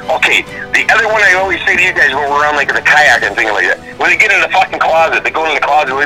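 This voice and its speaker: A man calling in by phone from outdoors by a fire, excitable and swearing, with loud outbursts. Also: on the high side, racing, few pauses, over music, rough recording. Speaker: phone-in guest. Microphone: phone call.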